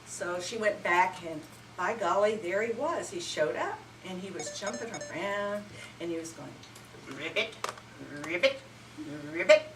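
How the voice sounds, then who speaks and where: A woman's voice: medium pitch, moderate pace, background noise. Woman telling a children's story. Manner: animated, asking listeners to join in. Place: retreat center hall. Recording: roomy hall, mic far off.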